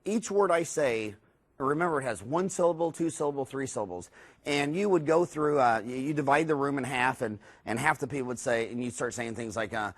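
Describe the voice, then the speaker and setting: A man, a dentist, giving a recorded lecture in a rambling, animated storytelling way, with many fillers and restarts. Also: medium pitch, a little fast. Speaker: dentist teaching a course.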